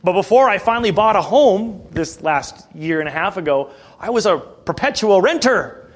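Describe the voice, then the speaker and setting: Animated high-voiced male preacher. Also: moderate pace. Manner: conversational, animated preaching with frequent asides. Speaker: pastor. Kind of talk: sermon.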